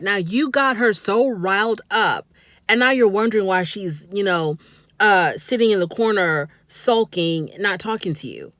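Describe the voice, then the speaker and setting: Woman reviewer, mid pitch, casual and scolding, talking straight at the show's couple. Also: no echo. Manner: animated, scolding, talks straight to the people on the show. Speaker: reality TV reviewer. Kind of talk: casual commentary.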